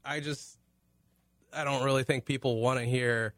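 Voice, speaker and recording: A man's voice: mid-range voice, steady tone, normal speed, fairly bright tone, no room sound. A man hosting a podcast in a small studio, sick with a cough, joking and rambling in casual chat on a studio mic. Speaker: podcast host.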